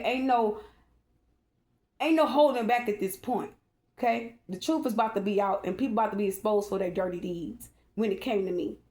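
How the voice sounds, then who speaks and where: A woman's voice: medium pitch, a little mellow, roomy sound. A woman who reads tarot, talking emotionally and at length to her followers, emphatic and rambling, calling out to her listeners again and again. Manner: emphatic, rambling, repeatedly addressing listeners directly. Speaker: tarot reader and vlogger. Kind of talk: emotional personal monologue to followers.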